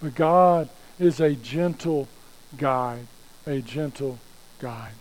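A man's voice: mid-range voice, slow, darkish tone, poor audio. A pastor preaching a conversational sermon, repeating phrases and restarting his sentences as he goes.

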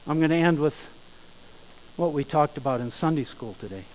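A man preaching a sermon, emphatic, slowing down and rising in volume on key phrases. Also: a little high, expressive, darkish tone, a little hiss or hum, low-quality recording. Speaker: pastor.

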